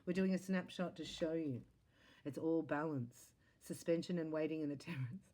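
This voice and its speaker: A low-voiced woman gives a tarot reading straight to camera. Her tone is soft and mellow, and her sing-song delivery keeps leaping up and dropping back down. She sounds earnest and encouraging throughout. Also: normal speed. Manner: animated, sing-song delivery with big swings in pitch and loudness; earnest, encouraging spiritual talk. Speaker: psychic tarot reader.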